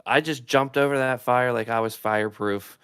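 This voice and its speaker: A man's voice: medium pitch, steady tone, normal speed, fairly bright tone, clear, resonant tone. A man co-hosting a gaming podcast, easygoing and laughing at himself in casual chat. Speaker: podcast co-host.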